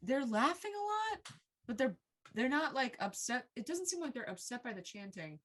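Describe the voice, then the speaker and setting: A woman's voice: fairly high pitch, very animated, moderate pace, a bit bright. A woman co-hosting a podcast in casual, playful chat. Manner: chatty and playful. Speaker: podcast co-host.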